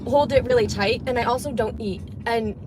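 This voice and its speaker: A woman's voice: on the high side, fairly quick. A young woman livestreaming from a car, chatting in a rambling way and swearing casually. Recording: livestream in a car with road noise. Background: car and road noise.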